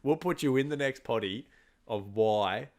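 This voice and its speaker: A man's voice: medium pitch, measured pace, a little mellow. A young Australian man co-hosting a casual pub-style podcast chat, laid-back and slangy, laughing often. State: coughing. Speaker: podcast co-host.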